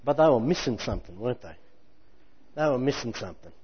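Preacher in a reverberant hall. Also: male voice, medium pitch, fast talker, slightly rough. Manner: animated, conversational, jokey preaching with acted-out asides. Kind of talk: sermon. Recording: muffled hall recording with long reverb.

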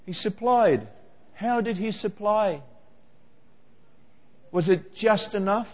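Male preacher, high voice, questions the congregation, dull roomy hall sound. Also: unhurried, pauses often. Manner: animated, questioning the congregation directly. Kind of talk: sermon.

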